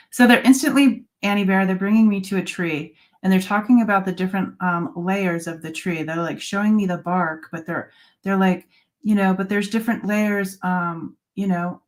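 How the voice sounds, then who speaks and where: A woman in her forties hosting a casual live chat, talking in a halting way with many fillers and soft laughs. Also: on the low side. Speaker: host.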